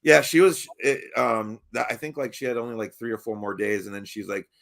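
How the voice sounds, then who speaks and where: A man's voice: mid-range voice, brisk, creaky, fairly bright tone. A man from Baltimore telling a long, rambling story on a podcast, swearing, laughing and restarting sentences often. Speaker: podcast host. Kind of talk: casual storytelling chat.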